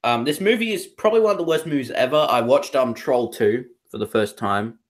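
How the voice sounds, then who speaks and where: A man's voice: mid-range voice, lively intonation, brisk. A young Australian man co-hosting a casual podcast chat, rambling with many fillers and restarts. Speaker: podcast co-host.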